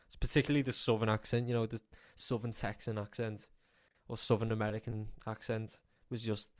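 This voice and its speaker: A man's voice: fairly low pitch, flat delivery, a little fast, dry recording, studio quality. A young man from Liverpool with a Scouse accent, a guest singer chatting easygoingly in a radio interview, rambling with fillers. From Liverpool, England.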